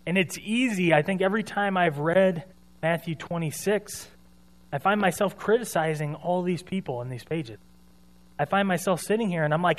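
A man's voice: sits high, moderate pace. A man preaching a sermon in an earnest, conversational way, retelling scripture in his own words.

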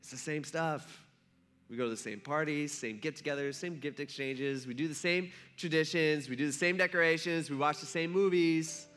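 A male preacher who tells the story in a loose, conversational way and keeps turning to the congregation. His voice sits high and sounds bright and forceful. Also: moderate pace. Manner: casual and chatty, talks to the congregation directly. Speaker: pastor.

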